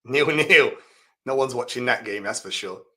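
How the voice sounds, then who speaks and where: A man's voice: medium pitch, normal speed. Chatty man on a live stream. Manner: chatty, laughs often, reacts loudly to comments. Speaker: fantasy football streamer. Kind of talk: live stream chat reading viewer comments.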